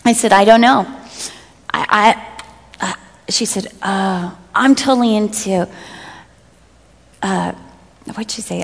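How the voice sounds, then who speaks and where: Speaking slowly at a medium pitch, with vocal fry, frequent pauses and a slightly rough quality, a middle-aged woman delivers a sermon in a talk to women. She tells personal stories and plays out her friends' words with humor, all under long hall reverb.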